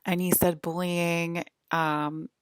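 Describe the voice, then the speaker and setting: A woman's voice: on the low side, level tone, slow pace, smooth, dry recording, clean studio sound. A woman vlogger talking to her viewers in a rambling, agitated monologue, swearing and restarting often. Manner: rambling, agitated and profane, many fillers and restarts.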